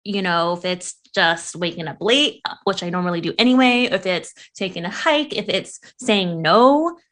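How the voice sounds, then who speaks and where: Laughing, animated young woman. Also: lowish voice, moderate pace. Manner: animated, laughing, swearing freely. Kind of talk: casual chat.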